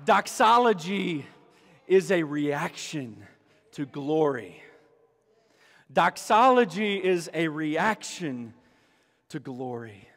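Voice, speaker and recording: High-voiced man preaching in a hall. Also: animated, takes it slowly, vocal fry, pauses often. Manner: emphatic, rising to exclamations and repeating key phrases. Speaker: pastor. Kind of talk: sermon. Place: church sanctuary.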